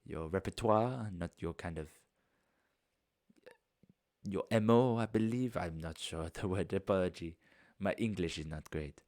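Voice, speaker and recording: Man putting on polite foreign manor host, deep, hesitant, gracious. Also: darkish tone, no room sound, studio quality. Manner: courteous, halting, searching for words.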